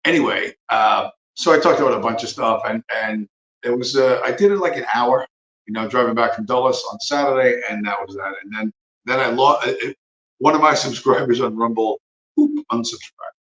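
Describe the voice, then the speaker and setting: A man's voice: medium pitch, brisk, fairly bright tone, roomy sound, muffled recording. A man hosting a livestream, talking in a profane, rambling, sarcastic way. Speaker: livestream host. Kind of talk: casual rambling commentary.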